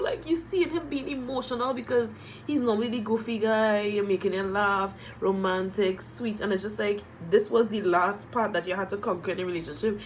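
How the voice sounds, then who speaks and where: A woman reviewing a reality TV episode in casual chat, animated and emotional, repeating phrases and using slang. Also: medium pitch, slight background noise, rough recording. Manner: moved and emotional while talking.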